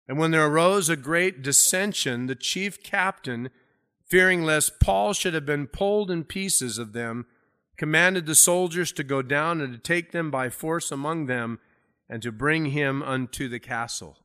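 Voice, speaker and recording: Bright, forceful male preacher teaching scripture. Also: a little high, normal speed, smooth. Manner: conversational Bible teaching with rising emphasis on scripture readings. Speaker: pastor. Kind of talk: expository sermon.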